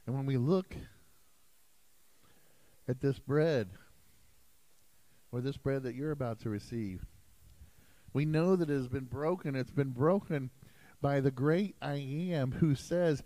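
Emphatic, animated preaching man. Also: mid-range voice, takes it slowly, pauses often, no echo, low-quality recording. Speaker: pastor. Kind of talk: sermon. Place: church sanctuary.

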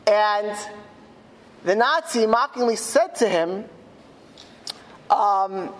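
A man, a rabbi, telling a story in a speech to school students. He slows down emphatically on key words. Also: high voice, in a large hall. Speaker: rabbi giving a talk at a school. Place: school hall.

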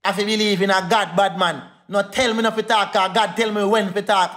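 A man's voice: sits high, steady tone, brisk, fairly bright tone. A young Jamaican man in a heated livestream rant, defiant and repetitive, calling out to his viewers.

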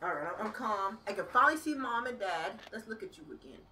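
A woman streamer reacting loudly to a VR game, cursing and half laughing, half crying. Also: medium pitch, expressive, quick pace, distant mic, a little hiss or hum. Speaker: gaming streamer.

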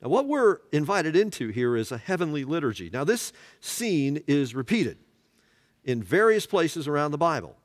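A man's voice: on the high side, sing-song, moderate pace. Man teaching in an echoing church. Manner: asks the class questions and has them fill in words. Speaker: Bible study teacher. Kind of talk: church Bible study teaching.

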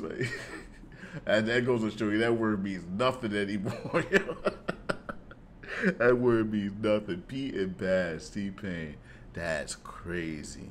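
A man hosting a music reaction video, excitable and incredulous, swearing and laughing as he reacts. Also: lowish voice, measured pace, slight background noise. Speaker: reaction channel host.

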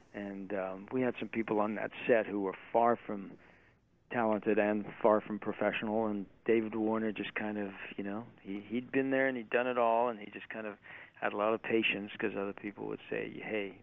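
A man's voice: on the low side, vocal fry. A man, a film director, chatting in an interview and telling stories about the people he has worked with. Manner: chatty storyteller who mimics people he quotes. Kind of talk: casual interview chat. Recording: tinny phone line.

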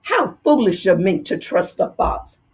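A woman voicing a kindly, careful male mouse dentist in a storybook read-aloud, speaking high, firm and precise. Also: sing-song, a little slow, a little mellow, breathy edge.

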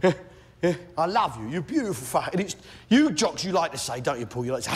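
A man's voice: on the high side, sing-song, fast talker, music in the background. A man doing live stand-up with blustering, mock-patriotic bravado. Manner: blustering pub-landlord bravado. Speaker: stand-up comedian. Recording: loud crowd laughter, live venue.

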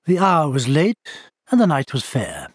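A man narrates a storybook with lively, rising and falling pitch. His voice is a touch husky and sits somewhat high for a man. The recording is dry and close. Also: measured pace, no room sound. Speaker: audiobook narrator.

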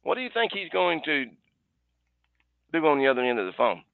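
A man coaching sales staff on a conference call in an energetic, folksy way, often repeating himself. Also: fairly high pitch, moderate pace, creaky, no room sound. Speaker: sales trainer. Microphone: conference call line. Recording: tinny phone line.

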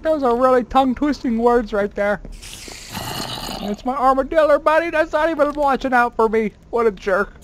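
Man, very high voice, let's play commentary, excitable, swears, yelps at scares, playful bragging. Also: moderate pace, slight background noise. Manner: playfully boastful. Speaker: gaming channel host.

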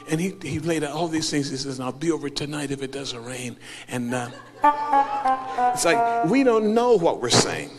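A man preaching a sermon as a bishop, acting out the people in his story and swinging from hushed asides to loud cries. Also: mid-range voice, animated, normal speed. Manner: acts out biblical characters, swings from hushed to shouting. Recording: live hall with loud music behind.

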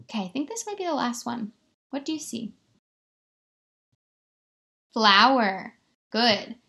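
Bright-voiced woman teaching young kids. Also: fairly high pitch, big pitch swings, creaky. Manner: slow, exaggerated word-stretching, encouraging. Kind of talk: remote lesson for young children.

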